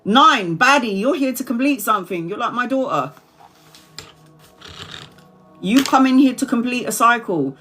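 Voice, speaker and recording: A woman's voice: a little high, lively intonation, moderate pace, pauses often, a bit bright, faint music behind. A woman in her forties, a tarot reader chatting casually to subscribers on a livestream, rambling, repeating herself and laughing often. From Brazil. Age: 40s.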